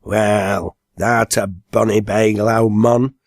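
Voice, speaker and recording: A man voicing an excitable young village lad with a broad Lancashire accent, talking raised and eager. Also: lowish voice, slow pace, creaky, no echo, clean studio sound. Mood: excited.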